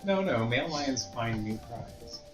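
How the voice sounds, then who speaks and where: A man's voice: medium pitch, animated, unhurried. A man chatting with friends while gaming, making wry jokes. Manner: joking, wry commentary. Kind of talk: casual chat while gaming. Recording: roomy sound with loud game music.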